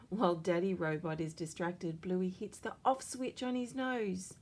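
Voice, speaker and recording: An Australian woman reading a children's story aloud, slow and expressive. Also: lowish voice. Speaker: children's book reader.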